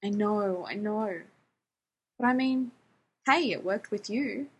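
A woman voicing an embarrassed, excitable young man who rambles on with lots of "like" and "man", in a husky voice. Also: mid-range voice, takes it slowly, rough recording. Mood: subdued. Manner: rambling, breathless, full of "like" and "man".

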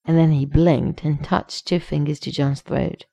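A woman narrating a fan fiction story in a steady, measured reading voice. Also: deep voice, vocal fry, lo-fi sound.

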